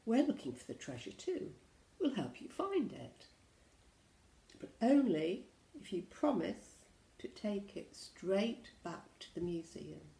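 A woman's voice: mid-range voice, big pitch swings, slow, vocal fry, warm tone, roomy sound, heavily acted. A woman voicing a brave young boy who leads a pirate crew in a picture book read aloud to children. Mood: earnest.

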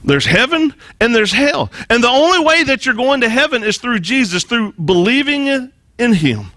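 A man with a high, bright voice preaching a sermon in a church. He is emphatic and repeats key phrases, restarting his words as he drives a point home. The sound is dry and close. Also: big pitch swings, moderate pace, no room sound. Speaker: pastor.

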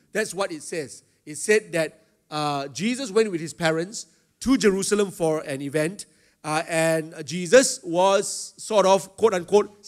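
A middle-aged man, a pastor teaching a chapel talk to secondary school students. He asks them questions and often hesitates with fillers. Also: high-pitched.

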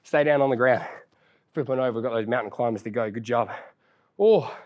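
A young man's medium-pitched voice comes through quickly, with the highs cut off, as he leads a follow-along workout. This fitness trainer works out himself and gets winded, staying upbeat and encouraging, counting down reps and bantering casually.

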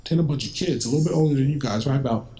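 A man's voice: mid-range voice, very fast, warm tone, a little hiss or hum, rough recording. A man speaking as a guest at a school, telling students a personal story in a conversational, vivid way and acting out the dialogue he remembers. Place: school, indoors.

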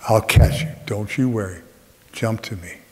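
A man voicing a father who gently coaxes his small son, low and soft. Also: normal speed, lightly acted. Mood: coaxing. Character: a calm, reassuring father, middle-aged man. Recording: theater with long reverb.

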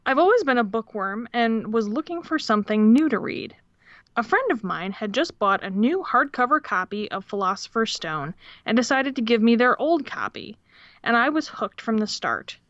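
Brief: fairly high woman's voice, casual podcast co-host who laughs and swears, dry dull lo-fi sound. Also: big pitch swings, normal speed, a bit bright, no echo. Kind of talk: casual chat, reading a listener story. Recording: dull, slightly lo-fi audio.

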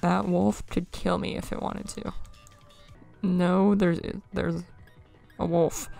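Wry young woman with vocal fry. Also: on the low side, little pitch movement, slow pace, mellow, soft background music. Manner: chatty, wry running reactions to the game. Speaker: let's play gamer. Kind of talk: casual gameplay commentary.

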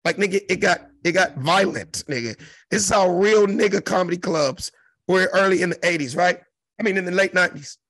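A man in his fifties from South Central Los Angeles, a comedian telling a profane, animated story in an interview and acting out the other voices. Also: high-pitched, a little fast, no room sound. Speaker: comedian guest.

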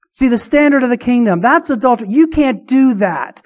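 A man with a high voice preaches a sermon as a pastor. He presses his points hard and keeps putting questions to his listeners. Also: animated, a little fast, darkish tone. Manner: emphatic preaching with rhetorical questions.

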